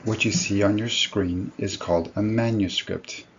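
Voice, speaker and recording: A man's voice: lowish voice, steady tone, a little slow, dull audio, a little hiss or hum. A man giving a recorded lecture to his students, explaining step by step and correcting himself as he goes.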